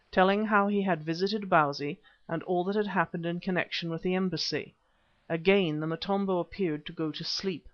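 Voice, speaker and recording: High-voiced man narrating an audiobook. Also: fairly bright tone. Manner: measured first-person storytelling. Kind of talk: scripted narration. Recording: dull lo-fi recording.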